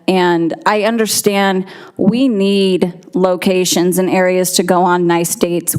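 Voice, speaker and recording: Woman, developer rep, low-pitched smooth voice, earnest public comment in a council chamber. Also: a little mellow. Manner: earnest, explanatory, slightly shaky from cold. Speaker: developer representative.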